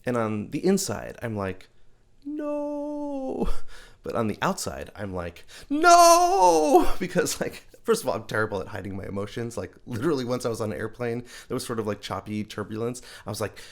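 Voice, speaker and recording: Gravelly New man telling a story. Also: quick pace, hardly any pauses. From New York. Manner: animated, jumping to high comic voices for his own inner thoughts. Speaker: host and storyteller. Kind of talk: personal storytelling monologue. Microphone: video call.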